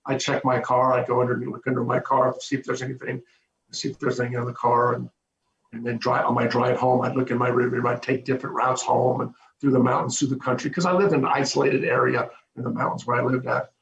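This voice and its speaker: A man, a former prison corrections officer, telling his story in an interview with animated, hesitant restarts over a video call. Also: medium pitch, quick pace, vocal fry. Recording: roomy, dull lo-fi with faint hum.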